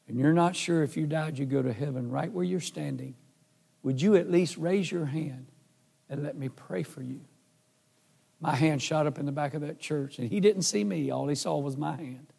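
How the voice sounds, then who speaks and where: A man's voice: a little high, gravelly, mellow. Earnest man preaching his testimony. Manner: earnest, emotional, acts out dialogue. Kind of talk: sermon testimony storytelling. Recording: hall reverb.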